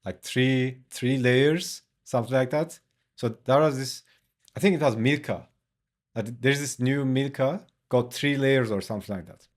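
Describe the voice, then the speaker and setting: A man whose first language isn't English tells a story in a relaxed, casual way while streaming himself drawing. His voice is mid-range and his speed normal, and he swears, says "like" a lot and laughs often.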